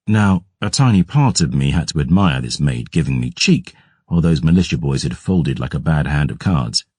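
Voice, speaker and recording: Man reading an audiobook, super deep voice, gruff and measured, dry close sound. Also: animated, a little mellow, dry recording. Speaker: audiobook narrator. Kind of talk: scripted first-person narration.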